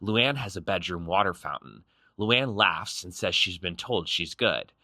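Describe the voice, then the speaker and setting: A man's voice: low voice, expressive, pushed and bright, no echo. A man narrating a reality show recap in a snarky, punchy scripted style. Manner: snarky, punchy, quick quips.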